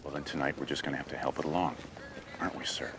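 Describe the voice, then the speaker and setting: A man's voice: rumbling low, steady tone, rapid-fire, fairly bright tone, slight background noise. An actor playing a scheming male military officer, delivering a sarcastic line in a television drama clip. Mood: snide. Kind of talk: TV drama dialogue. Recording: TV clip played back.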